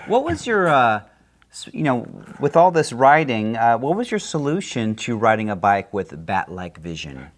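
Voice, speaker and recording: Brief: co-host, man, wry and quick to joke, with a lively, swinging intonation. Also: medium pitch. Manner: wry, joking prompts. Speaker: podcast co-host. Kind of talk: casual interview chat.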